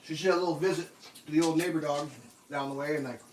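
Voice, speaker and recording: A man's voice: on the high side, steady tone, quick pace, slight background noise. A man chatting casually while cooking breakfast at home, rambling through stories and laughing at them.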